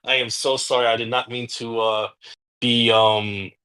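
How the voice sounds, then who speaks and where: A man's voice: medium pitch, little pitch movement, a little slow, pushed and bright, clean tone. A man from the United States co-hosting a casual wrestling podcast, rambling and swearing freely. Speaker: podcast co-host.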